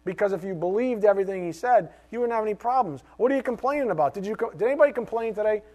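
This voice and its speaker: A middle-aged male pastor preaching a sermon, animated, with rhetorical questions and joking asides. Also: sits high, rapid-fire.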